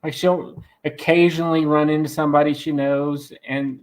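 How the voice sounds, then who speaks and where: A man with a raspy, slightly high voice chats loosely on a live stream. He jokes and teases, circling back with restarts as he goes. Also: flat delivery, moderate pace. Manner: joking, teasing, rambling with restarts. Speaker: host of a farm channel live stream. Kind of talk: casual live-stream chat.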